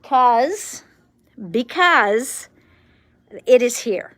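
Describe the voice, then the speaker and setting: A chipper woman hosts a live shopping stream. She greets her viewers one by one at an unhurried pace, in a fairly high voice. The sound is dry and close, with no room around it. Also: lively intonation, fairly bright tone, no room sound. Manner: chipper, greets viewers by name, switches between English and French. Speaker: shop host on a livestream.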